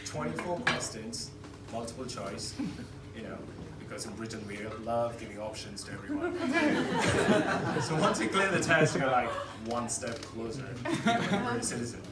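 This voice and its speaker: Brief: male stand-up comic, chatty and cheeky, animated delivery, roomy distant live sound with a roaring crowd. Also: medium pitch, moderate pace, heavy background noise. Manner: chatty, cheeky, laughs at his own jokes. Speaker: stand-up comedian. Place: comedy venue stage. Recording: echoey live room from a distance, loud crowd. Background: loud audience laughter and cheers.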